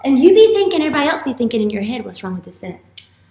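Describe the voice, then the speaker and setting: A woman teacher leading a playful morning message for young students, with an animated, exaggerated manner. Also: fairly high pitch, quick pace. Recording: echoey room.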